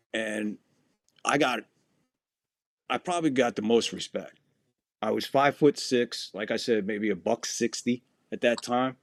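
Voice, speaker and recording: A gravelly, mid-range voice belongs to a podcast host recorded in clean studio sound without echo. His storytelling chat is casual, profane, and animated, full of acted-out quotes.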